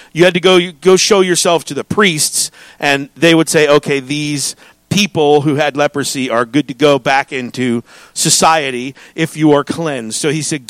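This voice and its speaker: A man preaching a sermon as pastor, reading scripture and joking with his congregation in an animated way. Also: on the high side, no room sound.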